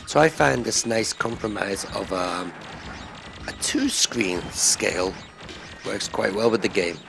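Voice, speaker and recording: A man giving a relaxed, rambling voice-over commentary on a retro game, with lots of filler words. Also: fairly low pitch, measured pace, creaky, noisy background. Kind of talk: casual gameplay commentary voice-over. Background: game music.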